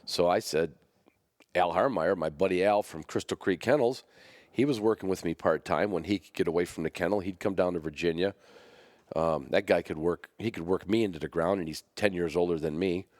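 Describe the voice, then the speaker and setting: A middle-aged man with a very low voice tells a casual story, rambling and correcting himself as he goes. He drops wry asides along the way. The sound is dry and close. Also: a little fast, a little mellow, dry recording. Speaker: podcast host.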